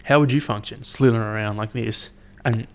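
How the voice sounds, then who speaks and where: A young man with a slightly low-pitched voice rambles to camera in a loose, unscripted monologue. He is blunt and swears freely, with plenty of "like" and "um", and wanders from thought to thought. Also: fairly quick, slight background noise. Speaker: vlogger.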